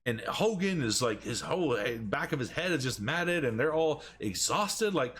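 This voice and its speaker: A man co-hosting a wrestling podcast in casual, profane chat, acting out quotes with excited jumps in pitch. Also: normal speed, few pauses, slightly rough. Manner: animated, profane, acts out quotes with rising pitch. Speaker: podcast co-host.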